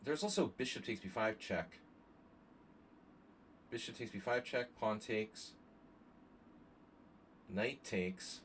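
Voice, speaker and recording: A man's voice: lowish voice, slow, pauses often, fairly bright tone, slight background noise. Man muttering chess moves aloud. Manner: thinks aloud, mutters moves, chats with viewers. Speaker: chess streamer. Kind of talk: live stream commentary while playing blitz chess.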